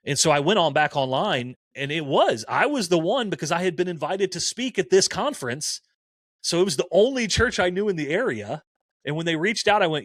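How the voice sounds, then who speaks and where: A man's voice: medium pitch, brisk, dry recording, studio quality. A man in his forties, a campus minister, telling stories in casual conversation and acting out the quoted dialogue. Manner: animated storyteller who acts out quoted dialogue.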